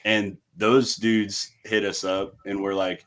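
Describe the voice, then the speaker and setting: Laid-back low-voiced young man telling stories. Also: level tone, slow pace, a bit bright. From United States. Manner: laid-back, swears freely, acts out quotes. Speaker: guest, metal band frontman. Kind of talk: casual storytelling chat.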